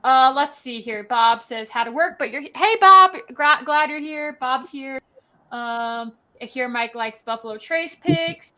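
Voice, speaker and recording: Bubbly woman host, high bright voice, jokey, reads chat comments aloud over a laptop mic. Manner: bubbly, joking, quick to laugh. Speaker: show host. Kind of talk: casual live-stream interview, reading viewer comments.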